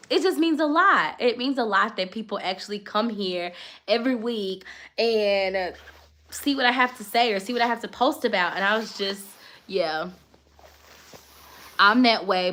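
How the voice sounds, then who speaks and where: A woman in her thirties chatting casually while folding laundry, encouraging her viewers, often laughing and openly emotional. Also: mid-range voice. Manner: warmly emotional, faith-minded. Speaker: lifestyle content creator and mom.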